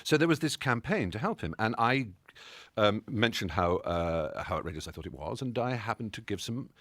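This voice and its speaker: A man's voice: fairly low pitch, normal speed, dry recording. A man with an English accent being interviewed, talking fluently and telling stories with lots of restarts. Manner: fluent, articulate, animated storytelling with many restarts. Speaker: interview guest. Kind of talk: conversational interview.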